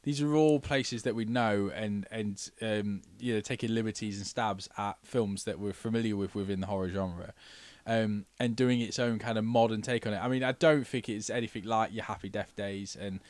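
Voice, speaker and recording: A man's voice: lowish voice, fairly even intonation, normal speed, few pauses, darkish tone, dry recording. A man co-hosting a podcast, talking through a film in rambling casual chat full of "you know". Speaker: podcast co-host.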